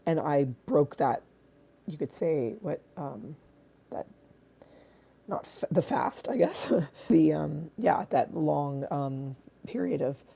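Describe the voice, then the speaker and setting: Hoarse, raspy woman, low and gravelly, dark tone; rambling casual livestream host. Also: animated, slow. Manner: rambling, many fillers and restarts. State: hoarse from screaming. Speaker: artist hosting a livestream.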